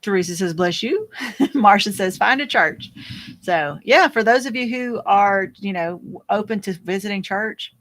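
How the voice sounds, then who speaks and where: A woman hosting a casual live chat, reading viewer comments aloud and answering them in a rambling, fast-talking way with frequent laughs. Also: mid-range voice, animated, a bit bright. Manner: chatty and rambling, laughs often, many restarts; talks fast by habit. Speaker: host.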